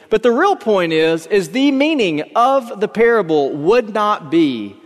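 A man's voice: high-pitched, very animated, unhurried. A man preaching a sermon in a church, reading a parable expressively and raising his voice for the dialogue. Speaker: pastor. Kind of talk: sermon with dramatic story reading. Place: church sanctuary. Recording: long hall reverb.

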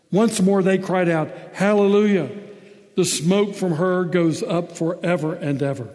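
A man preaching a sermon as a pastor, leading prayer and reading scripture with a solemn, deliberate pulpit delivery. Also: fairly high pitch, mellow. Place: church sanctuary. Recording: long reverb of a large hall.

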